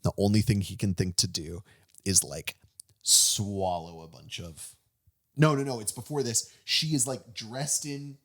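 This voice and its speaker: A man hosting a casual movie review chat, excitedly recapping a plot with lots of fillers and restarts. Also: on the low side, a little slow. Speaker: movie review podcast host.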